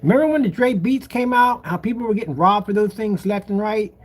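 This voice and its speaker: A man's voice: high voice, fairly quick. A man ranting jokingly in a casual commentary, mocking and slangy, laughing often as he exaggerates. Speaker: screen paint seller.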